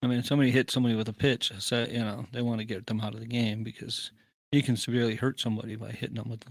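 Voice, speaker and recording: A man's voice: mid-range voice, level tone, rapid-fire, gravelly, no echo. A man co-hosting a podcast in casual chat, easygoing and agreeable, telling sports stories. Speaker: podcast co-host.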